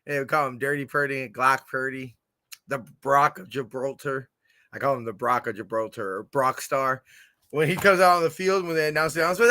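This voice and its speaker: A man hosting a fan podcast in a casual livestream chat, excitable and giggly with lots of slang, on a computer camera mic. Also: mid-range voice, a little fast, slight background noise.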